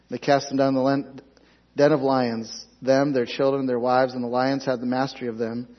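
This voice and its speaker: A man preaching a sermon, reading scripture aloud and pressing the congregation with emphatic rhetorical questions. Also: mid-range voice. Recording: dull lo-fi sound.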